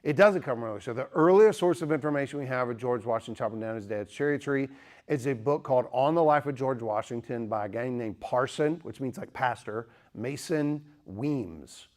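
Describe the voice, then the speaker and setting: A man's voice: medium pitch, fairly quick. A man lecturing with humor and energy. He keeps checking in with the audience and tosses them questions. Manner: lively, joking, asks the audience questions. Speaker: speaker. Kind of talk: apologetics lecture.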